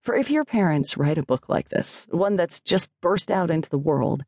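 An audiobook narrator reads literary fiction with measured expression. The tone is mellow and dark with a gravelly texture, and it is recorded close and dry in a studio. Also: medium pitch, lively intonation, no echo.

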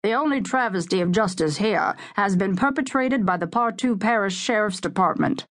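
A woman's voice: mid-range voice, animated, normal speed, close to an everyday voice. A woman reading the lines of a smug male defense attorney, speaking combatively to a press crowd in an audiobook. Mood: defiant. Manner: combative, addressing reporters.

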